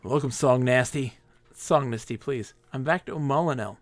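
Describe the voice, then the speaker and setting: A man's voice: mid-range voice, normal speed, no echo, faint music behind. A man streaming a game live, chatting playfully and reading character lines aloud in put-on voices.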